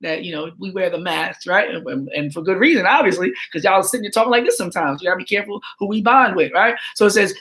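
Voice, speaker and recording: A woman hosting her channel, reading documents aloud with animated asides. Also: on the low side. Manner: animated, slows down for quotes, playful asides. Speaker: channel host.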